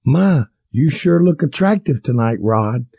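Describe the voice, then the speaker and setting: A woman's voice: a bass voice, expressive, measured pace, creaky, mellow, husky, no echo, clean studio sound, pitched above the performer's own voice, exaggerated voice. A man voicing a cheerful, flirty adult woman with a chirpy delivery.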